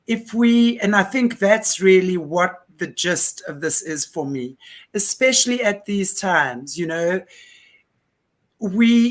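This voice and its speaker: A woman hosting a talk show, passionate and emphatic as she tells a story. Her voice sits at a middling pitch, and she stresses her points firmly. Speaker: host. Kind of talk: conversational interview.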